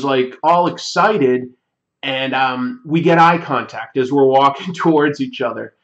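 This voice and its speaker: A man chatting casually while he draws, with plenty of ums and restarts. He says he is sick. His voice sits at an ordinary middle pitch, and the stream audio is dull and lo-fi. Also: a bit bright. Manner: rambling, many fillers and restarts. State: sick, coughing. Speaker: comic artist livestream host. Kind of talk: casual chat while drawing.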